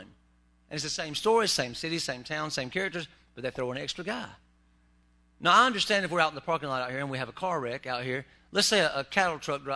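A man's voice: a little high, pushed and bright. A man preaching a humorous sermon in a church, with joking asides to the congregation. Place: church sanctuary.

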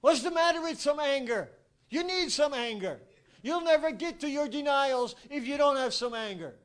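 A man giving an informal sermon, telling stories with animated rhetorical asides and frequent chuckles. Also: extremely high pitch. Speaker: preacher.

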